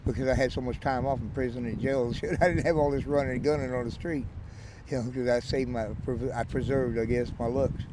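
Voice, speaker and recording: A man's voice: mid-range voice, fairly even intonation, a little fast. Man with a West Texas drawl. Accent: West Texas Southern drawl. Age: 40s. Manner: rambling, joking storyteller who laughs often. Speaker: interviewee. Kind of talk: casual street interview. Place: outdoors by a street. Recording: outdoor street noise.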